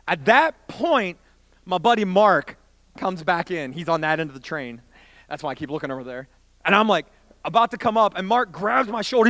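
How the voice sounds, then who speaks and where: Animated high-voiced man telling a story. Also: brisk, dry recording. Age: 20s. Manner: animated storyteller acting out quotes, voice rising to shouts. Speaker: youth pastor. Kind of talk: storytelling sermon.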